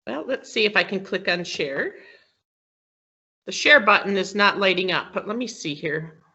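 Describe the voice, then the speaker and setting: A woman's voice: mid-range voice, moderate pace, pushed and bright. A woman teaching word stress as a guest on a video call, explaining patiently and checking in often with her students. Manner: patient, explains step by step with frequent "okay?" checks. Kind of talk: online English pronunciation lesson. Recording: dull lo-fi video call audio.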